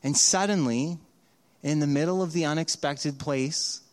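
A middle-aged man preaching a sermon as pastor, telling stories in an animated way and acting out the voices of the people in them. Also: a little high, a little slow. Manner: animated storytelling, acts out voices in quotes.

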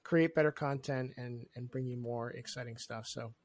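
A man's voice: medium pitch, steady tone, moderate pace. A man co-hosting a podcast, thanking listeners in a grateful, upbeat way, with fillers and restarts. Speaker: podcast co-host. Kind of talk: casual podcast chat.

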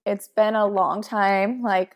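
A woman's voice: mid-range voice, steady tone, slow. A young woman co-hosting a podcast, chatting casually and recapping celebrity gossip with quoted asides. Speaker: podcast co-host.

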